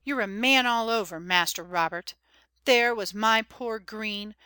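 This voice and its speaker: A man's voice: high-pitched, a little slow, bright, forceful tone, clear, resonant tone, no room sound, voice pushed up. A man reading an audiobook voices an old woman servant who scolds and complains fondly. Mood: wistful. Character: old grumbling woman servant, fussy and sentimental. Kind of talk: audiobook character voice.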